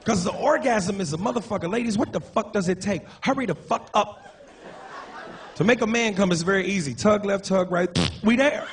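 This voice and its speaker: A man doing a stand-up comedy set on a club stage, brash and profane, breaking into shouted impressions. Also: high voice, normal speed, some chatter behind.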